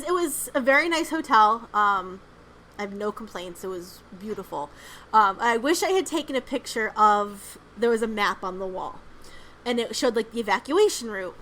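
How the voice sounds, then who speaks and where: This podcast co-host has a fairly bright voice on the high side, heard on a rough recording with a little hiss or hum. She rambles through stories casually, full of "um" and "like," and curses without holding back.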